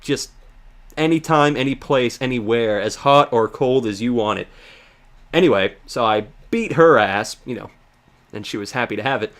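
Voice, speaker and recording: A man casually recapping a video game in a rambling, profane, excitable rant. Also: mid-range voice, moderate pace. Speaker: let's play host.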